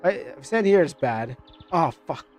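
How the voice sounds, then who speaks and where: A man commentating live on a game he plays, excitable and puzzled, swearing now and then. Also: a little high, unhurried, soft background music. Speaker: streamer.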